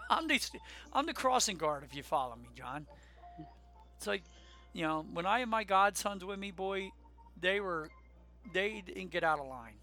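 A middle-aged man co-hosting a casual chat show, talking in an animated, emphatic rant. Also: high-pitched, measured pace, pauses often, faint music behind. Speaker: podcast co-host.

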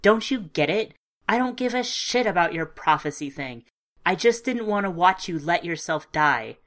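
A woman voicing an upset, blunt young woman in an audiobook, low-pitched. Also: normal speed, a bit bright. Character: sad, frank young woman friend.

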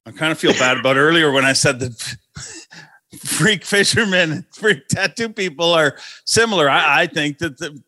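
Bright-toned, joking podcast host man. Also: on the high side, lively intonation, moderate pace. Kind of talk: casual podcast chat.

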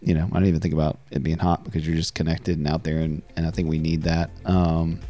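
A man with a very low, mellow voice hosts a podcast conversation. He talks reflectively and often circles back over his own words. The sound is close and dry. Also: level tone, quick pace, no room sound. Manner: reflective, repeats words as he speaks. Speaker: podcast host and counselor. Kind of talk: casual conversational podcast talk.

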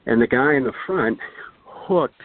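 This older man is a guest storyteller, and his long, casual anecdote wanders along with plenty of fillers and restarts. He speaks a little slowly at a medium pitch with lively intonation. There's no echo, and the sound is dry and thin, much like a phone.

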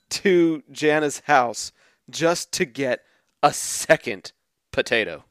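A man co-hosting a podcast in a casual chat, reading out tweets and acting out the quoted kids loudly, laughing often. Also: mid-range voice, lively intonation, takes it slowly, dry recording, studio quality. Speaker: podcast co-host.

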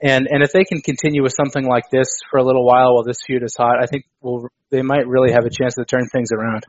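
A man co-hosting a casual podcast chat, animated and excitable, on a dull lo-fi recording. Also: medium pitch, fast talker, dry recording. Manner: animated, excitable, mimics people for laughs. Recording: dull lo-fi dry sound.

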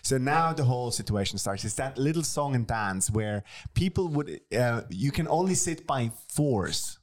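A man's voice: medium pitch, lively intonation, moderate pace. A young man co-hosting a comedy podcast, telling stories with dry, wry humor and casual swearing. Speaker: podcast co-host.

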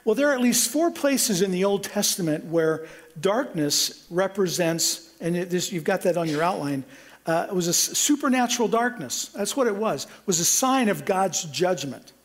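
A man's voice: sits high, animated, normal speed. A middle-aged man from Kansas preaching a sermon, earnest, with frequent restarts and a voice that rises for emphasis. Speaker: pastor.

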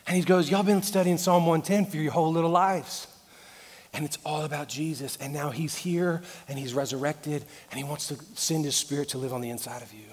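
Breathless pastor in reverberant sanctuary. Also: male voice, fairly high pitch, fairly even intonation, brisk. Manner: impassioned, swings from loud preaching to quieter asides. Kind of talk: sermon. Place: large church sanctuary. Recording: church hall reverb.

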